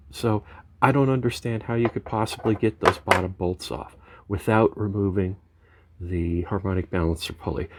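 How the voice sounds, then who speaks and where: A man's voice: mid-range voice, darkish tone. A man talking casually through a DIY car repair in his garage, rambling and joking wryly as he works. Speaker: home mechanic vlogger.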